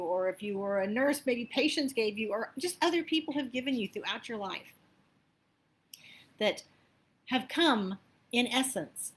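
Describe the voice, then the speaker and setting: Her voice is medium in pitch as this woman, an abundance coach, gives a motivational talk with a spiritual bent. She's chatty and animated, telling stories with side comments.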